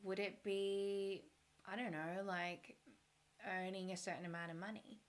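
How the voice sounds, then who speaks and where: A woman talking as a brand coach, earnest and encouraging, thinking aloud with a slightly hoarse voice. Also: medium pitch, steady tone, a little slow. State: a little hoarse. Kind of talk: solo talk on branding.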